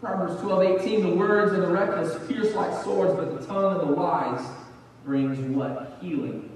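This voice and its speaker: A high-pitched man preaches a conversational sermon at normal speed, often repeating words as he warms up. He sounds far from the mic in an echoey hall, with slight background noise.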